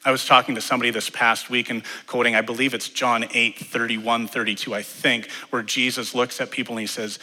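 A man's voice: mid-range voice, flat delivery, brisk, few pauses, sharp tone. A man preaching a sermon as pastor to a church congregation, earnest, rising and falling in force. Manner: earnest preaching that swells and drops. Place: church sanctuary. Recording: long hall reverb in a church.

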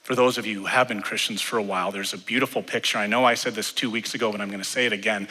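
Pastor guy preaching, bright edgy voice, long church echo, swells up then drops soft. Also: on the low side, fairly even intonation, rapid-fire, few pauses, husky. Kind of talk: sermon. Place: church sanctuary. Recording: long hall reverb in a church.

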